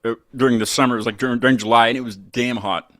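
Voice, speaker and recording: A man's voice: mid-range voice, steady tone, rapid-fire, a bit bright, no room sound, clean studio sound. A man from West Virginia hosting a live show, chatting casually and laughing often. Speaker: show host.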